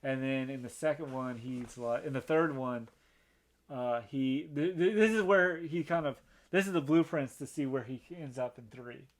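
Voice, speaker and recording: A man's voice: medium pitch, normal speed. A man co-hosting a movie review podcast, chatting casually with a lot of restarts and fillers and an eager film-buff enthusiasm. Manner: rambling, many restarts and fillers. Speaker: podcast co-host.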